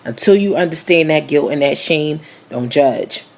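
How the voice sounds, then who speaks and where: A woman in her twenties giving a candid personal testimony, frank and animated, with casual slangy speech full of fillers, acting out the voices in her story. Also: low voice, moderate pace. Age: 20s. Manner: frank and animated, acts out quoted dialogue.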